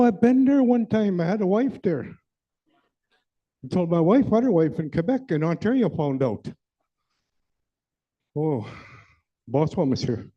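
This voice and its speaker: A man's voice: fairly high pitch, dark tone. A man playing a flirty, rambling joker who teases the crowd with live comedy, talking into a handheld mic. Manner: teasing, rambling, chatty, peppered with "eh". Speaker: stand-up comedy character entertaining a crowd. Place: large event hall. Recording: dull, muffled live-event recording.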